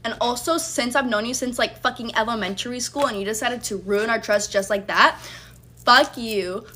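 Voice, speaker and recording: A woman's voice: fairly high pitch, normal speed, sharp tone. A woman telling a personal story in a casual storytime vlog, blunt and heated, swearing freely as she recounts it. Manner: blunt, profane, heated retelling.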